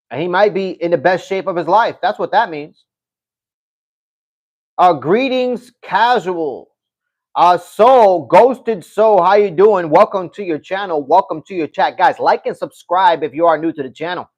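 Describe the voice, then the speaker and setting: High-pitched male streamer, casual chat with his audience, animated and loose-mouthed. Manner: animated, talks straight to chat, swears. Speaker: livestream host. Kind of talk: casual livestream chat reading comments.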